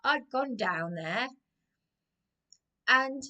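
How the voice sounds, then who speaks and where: A woman with a fairly high voice, holding forth in a slow, aggrieved rant. She rambles and circles back over her own words, agitated throughout. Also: lively intonation, bright, forceful tone. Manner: rambling, agitated, repeats herself. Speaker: vlogger. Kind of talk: aggrieved personal rant to camera.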